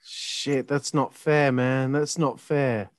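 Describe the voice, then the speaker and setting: A man's voice: mid-range voice, steady tone, slow pace, no room sound, studio quality. Man hosting, chiming in with reactions. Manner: sympathetic reactions and short interjections. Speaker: podcast host. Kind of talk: casual interview chat.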